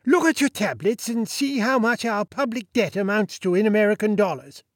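A man voices a pompous little Sultan in a story reading, bossy and pleased with himself, using a high voice pitched above his natural one. His intonation is lively and his speed normal. The studio sound is clean, with no echo.

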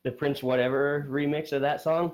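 A man being interviewed on a casual podcast, self-deprecating and quick to laugh. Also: fairly high pitch, steady tone. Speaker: podcast guest.

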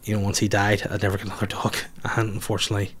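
A man's voice: lowish voice, monotone, racing, breathy edge. Rambling, swearing man telling a story. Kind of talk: casual storytelling chat.

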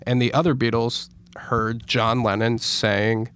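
Podcast guy reading stories off his notes, stumbles a bit, clean smooth voice. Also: mid-range voice, little pitch movement, unhurried, fairly bright tone. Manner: reads stories aloud with stumbles, laughs often. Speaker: podcast co-host.

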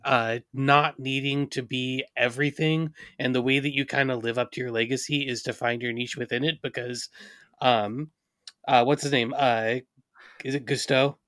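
A man co-hosting a casual movie podcast, speaking earnestly and pausing with "uh" to find words. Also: mid-range voice, fairly even intonation, a bit bright, no echo. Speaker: podcast co-host.

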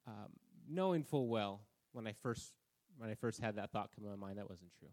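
A man's voice: on the low side, normal speed, darkish tone. A man preaching a conversational sermon at a church service, telling anecdotes about himself. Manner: casual, self-deprecating, anecdotal. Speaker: pastor.

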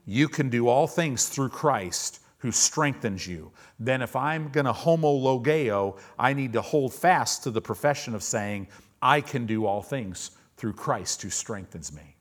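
An animated man preaches from the pulpit of a church, his voice sitting at an ordinary middle pitch for a man. He drops into soft asides, then acts out his listeners' thoughts in a loud, raised voice. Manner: animated, swings between soft asides and loud acted-out quotes. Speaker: pastor. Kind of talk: sermon. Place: church sanctuary.

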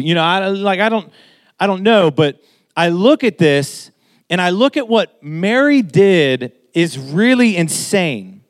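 A man in his thirties preaching a sermon in a casual, conversational way, getting animated as he makes his point. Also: high voice, normal speed.

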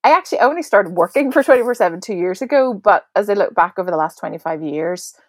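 Fast and lively in her intonation, this medium-pitched woman is a prayer ministry leader in her forties from Northern Ireland. As a guest on a faith podcast she talks chattily and reflectively, with lots of fillers and restarts, on a dry recording.

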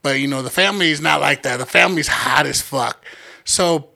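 A man with a gravelly, bright, slightly high voice chats casually on a comedy podcast. His talk is profane and lively, and he jumps into the voices of the people in his stories. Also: fairly quick. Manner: profane, animated, acts out quoted people. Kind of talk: casual storytelling chat.

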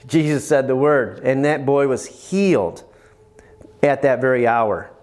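A man preaching a sermon, emphatic and animated, with bursts of praise. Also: medium pitch, measured pace.

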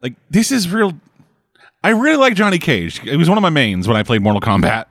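Man, casual movie commentary, lively up-and-down delivery, dry close sound, salty language. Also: fairly high pitch, dry recording. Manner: swearing, animated, quick asides. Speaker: co-host watching a movie.

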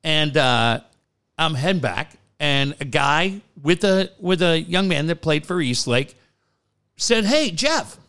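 A man's voice: fairly high pitch, takes it slowly, a bit bright, smooth. A man co-hosting a podcast, telling stories in a casual chat, swearing freely and laughing as he goes. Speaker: podcast co-host.

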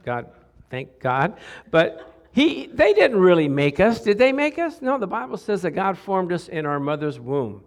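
A man's voice: high voice, big pitch swings, measured pace. Middle-aged male preacher, easygoing sermon voice, keeps asking the congregation questions. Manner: conversational, asks the crowd questions, jokes and laughs.

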